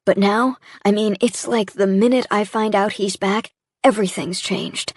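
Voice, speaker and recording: A woman reading the lines of a distraught young man who talks in a halting, pained way, his voice breaking. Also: medium pitch, steady tone, no room sound, clean studio sound, natural voice. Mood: anguished. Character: distraught young adult man, jealous boyfriend. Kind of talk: audiobook dialogue reading.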